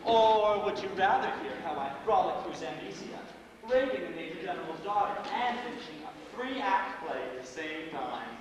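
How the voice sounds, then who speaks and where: A man's voice: high voice, animated, normal speed, a crowd in the background. A teenage boy acting a flamboyant, vain celebrity playwright on a school stage, with grand, affected theatrical delivery. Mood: boastful. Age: teen. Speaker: stage actor. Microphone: distant room mic. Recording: echoey school stage from far off.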